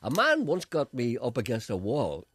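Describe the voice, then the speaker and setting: A man hosting a radio show, telling anecdotes in animated, casual studio chat. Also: mid-range voice, moderate pace. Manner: animated storyteller, acting out voices. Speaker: radio host.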